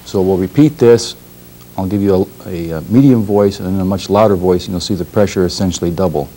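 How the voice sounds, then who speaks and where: Man instructor, mellow lowish voice, measured explanations, faint rumble behind. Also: poor audio. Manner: measured, explanatory, with pauses and throat clearing. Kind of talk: classroom demonstration.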